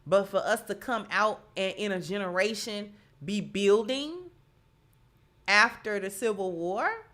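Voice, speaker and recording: A woman's voice: mid-range voice, animated, a little slow. Woman live streaming w a stuffy nose, chatty, leans hard on her words, calls out folks in chat. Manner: chatty and emphatic, greets viewers warmly by name. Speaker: channel host. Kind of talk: live-stream talk, reading viewer comments.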